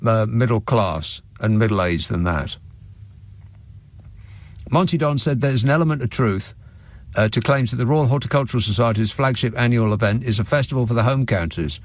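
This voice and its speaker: A man's voice: medium pitch, dry recording. A man hosting a radio phone-in, talking in a dry, sardonic way from a studio microphone. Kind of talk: talk radio monologue and phone-in.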